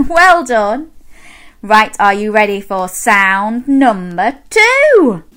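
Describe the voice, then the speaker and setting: A woman's voice: medium pitch, sing-song, drawn-out words, fairly bright tone. A woman reading a picture book aloud to young children, playful and encouraging, inviting them to join in with sounds. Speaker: children's storyteller.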